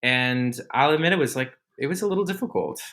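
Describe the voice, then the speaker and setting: A man talking as a podcast guest in relaxed, candid conversation, often making fun of himself. His voice sits at an ordinary middle pitch. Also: a little fast. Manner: easygoing, self-deprecating and candid. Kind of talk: casual interview chat.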